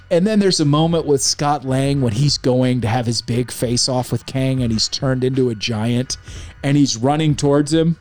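Dude ranting about a movie, kinda high voice, little music in the back. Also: male voice, normal speed. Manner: animated ranting, mocking impressions of characters. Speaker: podcast host reviewing a film. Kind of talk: casual opinionated chat.

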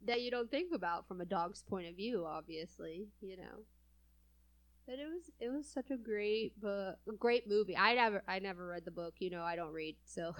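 A woman co-hosting a casual chat show, who laughs often and reads stories out with dry sarcasm. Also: medium pitch. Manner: giggly, chatty, with dry sarcasm. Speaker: podcast co-host.

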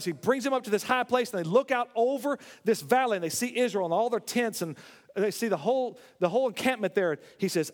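A male pastor delivers a sermon in a fairly high voice, retelling the story with lively acted-out character voices. He often trips over and restarts his phrases. The sound carries a long reverb, as in a big hall. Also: quick pace.

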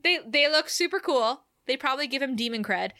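A woman recaps a TV episode on a podcast in easy, casual chat. Her voice sits high and sounds bright and forward. She is animated and laughs often, slipping into the quoted lines as she goes. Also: fairly quick, no room sound, clean studio sound.

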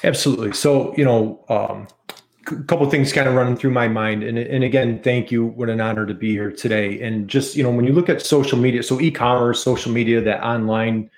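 A man's voice: mid-range voice, fairly even intonation, a little fast. A middle-aged man with an American accent, a podcast guest chatting eagerly and repeating key figures for emphasis. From United States. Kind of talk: casual interview chat.

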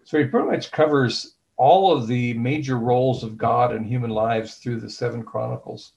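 A man being interviewed as an author talks in a considered, explanatory way. He pauses often with fillers and restarts his sentences. He retells scenes by quoting the dialogue. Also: medium pitch, creaky, a little mellow, dull audio. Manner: thoughtful, with many fillers and restarts. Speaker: author and guest.

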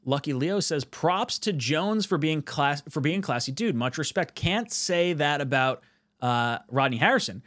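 Sports podcast host, male, fairly high voice, easygoing, reads out the chat. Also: lively intonation, measured pace, a bit bright. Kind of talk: casual sports talk, reading live chat.

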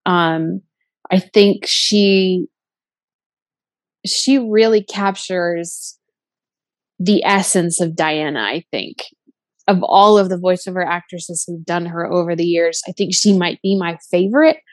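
Female co-host, lower voice, thoughtful and hesitant, dry close sound. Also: takes it slowly, dry recording. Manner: hesitant, thoughtful, many fillers. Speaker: podcast co-host. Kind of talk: casual chat.

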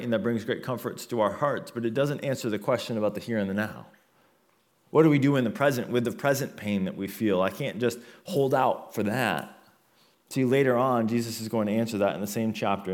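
Male pastor, lowish voice, earnest sermon delivery that builds through repetition. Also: brisk, a little mellow. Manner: earnest, building in intensity with repeated phrases.

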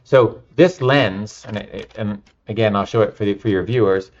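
A man telling lively anecdotes in an interview, with many fillers and restarts. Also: lowish voice, normal speed, lo-fi sound. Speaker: nonprofit founder and guest. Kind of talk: casual interview storytelling.

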